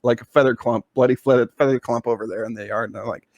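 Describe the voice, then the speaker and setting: A man's voice: medium pitch, fairly even intonation, fast, dry recording, lo-fi sound. A man co-hosting a podcast, telling a long casual story, full of fillers and restarts. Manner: rambling, with many fillers and restarts. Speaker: podcast co-host.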